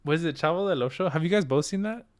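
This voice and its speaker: A man's voice: on the high side, fast talker, smooth. A man co-hosting a podcast in casual chat, laughing often and swearing loosely as he trails off mid-thought. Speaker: podcast co-host.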